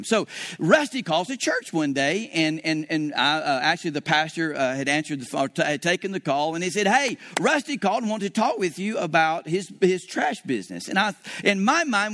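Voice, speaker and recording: A man's voice: sits high, fairly bright tone. A man preaching a sermon as pastor, telling a story and acting out his own past dialogue.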